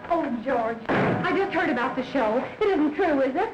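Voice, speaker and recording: An actress playing a wisecracking young showgirl, brassy and quick, in 1930s film dialogue. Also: high-pitched, lively intonation, music in the background, rough recording.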